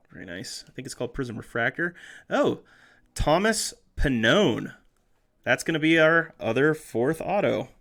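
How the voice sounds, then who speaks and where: A man's voice: a little high, fairly bright tone. A man chatting casually on a live stream as he opens packs, reading names aloud, joking and correcting himself along the way. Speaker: streamer opening trading card packs.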